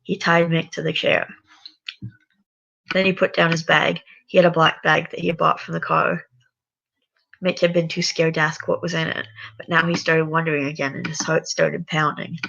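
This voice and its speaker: A tired reader casually reading a story aloud, halting now and then with sighs and restarts. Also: mid-range voice, vocal fry, bright, forceful tone, lo-fi sound.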